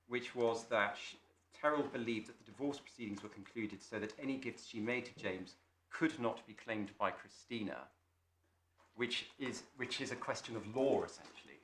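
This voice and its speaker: A male barrister making measured, formal submissions to appeal judges, with small restarts. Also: medium pitch, a bit bright. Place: large echoey courtroom. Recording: echoey courtroom, faint noise.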